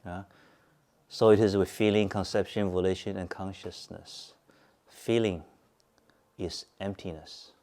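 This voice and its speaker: A man teaching Buddhism at a Zen centre, speaking calmly, repeating points and asking his listeners questions. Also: low voice, unhurried, long pauses. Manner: calm, repetitive, asks listeners questions. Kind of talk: Dharma talk to a group.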